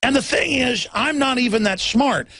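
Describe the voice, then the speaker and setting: A man's voice: extremely high pitch, normal speed, bright, forceful tone, slightly rough, no room sound. A middle-aged male talk show host delivering an impassioned monologue. He rants and acts out other people's lines as he goes.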